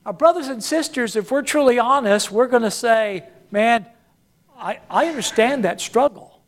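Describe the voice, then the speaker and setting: A preacher with a medium-pitched voice delivers a sermon at a moderate pace. He repeats key phrases for emphasis and calls on the congregation to say lines back and respond.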